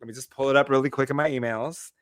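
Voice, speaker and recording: A young man hosting a podcast, teasing his co-host and telling stories in a playful, drawn-out way. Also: medium pitch, fairly even intonation. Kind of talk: casual chat.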